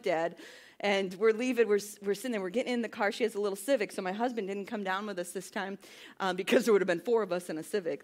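A woman in her thirties, a worship pastor, giving a sermon in a chatty, self-deprecating way that builds into emphatic preaching. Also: medium pitch. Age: 30s.

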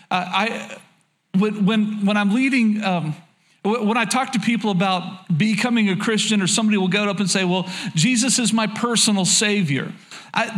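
A male pastor delivers a sermon in a fairly high voice. He talks earnestly and conversationally, often restarting and repeating words as he reads and explains scripture. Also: a bit bright.

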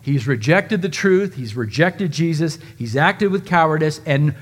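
A man preaching a sermon, dramatically acting out quoted lines with shifting loudness. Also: on the high side, animated, measured pace. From United States. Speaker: pastor.

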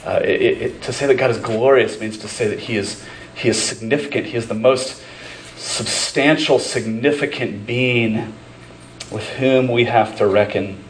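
A man's voice: mid-range voice, moderate pace, reverberant, rough recording. A man preaching a sermon as pastor, telling personal stories in a conversational way with many fillers and restarts. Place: church sanctuary.

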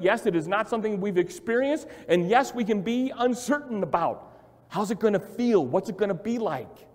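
A male pastor preaching a sermon in an emphatic, repetitive way, swinging from quiet to loud. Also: sits high. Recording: long hall reverb.

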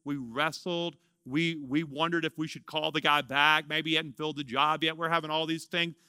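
Man in his 50s, pastor preaching a story; ringing, very bright and smooth tone, lively delivery. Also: on the high side, moderate pace, no echo. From Louisiana, US. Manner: animated storyteller, swings from excited to hushed. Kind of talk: sermon storytelling.

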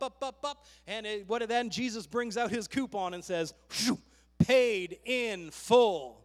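A male pastor preaching a fervent sermon, calling "come on" to his congregation, in a long hall reverb. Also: high-pitched.

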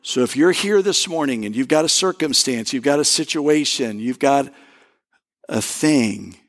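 A male pastor giving a conversational sermon, telling stories and slowing down to stress key words. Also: medium pitch, animated. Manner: conversational preaching with storytelling and emphatic pauses.

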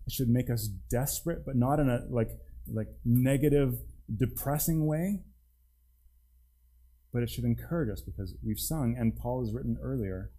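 A pastor giving a conversational sermon, restarting phrases often and dropping to a hush on key points. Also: male voice, mid-range voice, slightly rough, poor audio.

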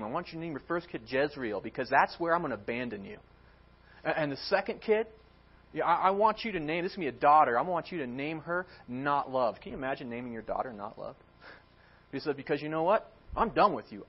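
A man preaching a sermon in an animated way, acting out quoted words as he tells the story. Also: fairly high pitch, husky, lo-fi sound.

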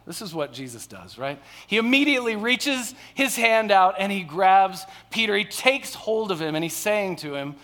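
Bright high-voiced man preaching. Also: sing-song, normal speed, few pauses. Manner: conversational, frequent "all right?" and "okay?" check-ins. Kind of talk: sermon. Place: stage.

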